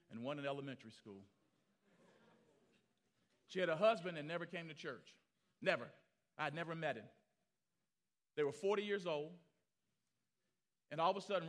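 A man preaching as pastor, telling stories animatedly and acting out the people he quotes, swinging from loud to hushed. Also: on the high side. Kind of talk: sermon storytelling.

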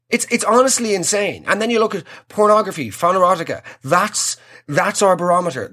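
Rambling, profane young Irish comedian. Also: male voice, high-pitched, fairly bright tone, slightly rough. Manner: rambling, profane, exaggerated, self-mocking. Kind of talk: comic monologue.

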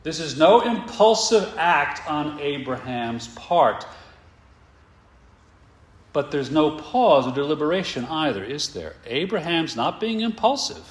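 A male pastor preaching a sermon, emphatic and full of rhetorical questions, slowing down to stress his points. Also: fairly high pitch, echoey room.

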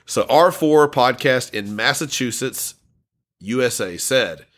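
A man's voice: mid-range voice, expressive, slow pace, a bit bright. A man co-hosting a casual podcast, reading out listener comments and laughing often. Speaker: podcast co-host.

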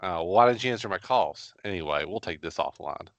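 A man's voice: deep voice, lively intonation, brisk, no room sound, dull audio. A man co-hosting a movie podcast, trading playful jokes with the others. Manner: joking, playful banter. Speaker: podcast co-host. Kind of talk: casual podcast chat.

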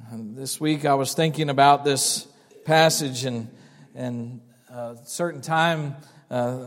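A middle-aged man preaching a sermon as a pastor, telling a story in a conversational way and often restarting his words. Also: fairly high pitch. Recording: long church reverb.

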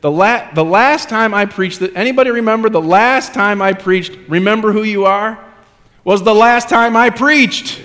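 A man's voice: sits high, normal speed, fairly bright tone, long reverb tail. A male pastor preaching a sermon in a conversational, self-deprecating way that builds into emphatic repetition.

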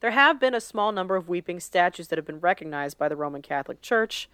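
Casting: woman podcast co-host, smooth and clear, dry close sound, reads a list with casual asides. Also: lowish voice, animated, quick pace, a bit bright, dry recording.

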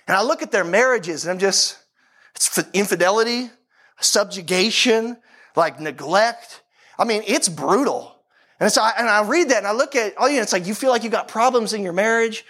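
High-voiced man preaching a conversational sermon. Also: fairly bright tone. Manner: conversational preaching with repeated phrases. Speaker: pastor.

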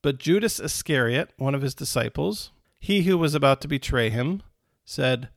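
A man's voice: mid-range voice, animated, normal speed, vocal fry, dry recording, studio quality. A man preaching in a conversational way, retelling scripture in everyday words and often restarting or repeating himself. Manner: acts out quoted characters with a raised voice. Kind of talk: conversational Bible teaching.

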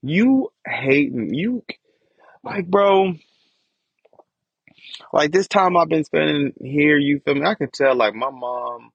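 A man's voice: fairly high pitch, animated, slow, creaky, pauses often, slightly rough, no room sound. A young man ranting with frustration and heavy profanity in a casual podcast monologue about his family. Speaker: podcast host. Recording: dull lo-fi dry recording.

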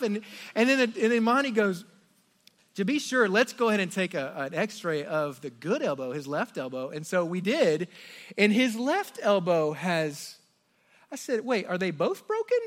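A middle-aged pastor delivers a sermon at a moderate pace, his voice sitting high. He recounts a family story, swinging animatedly between hushed asides and loud exclamations.

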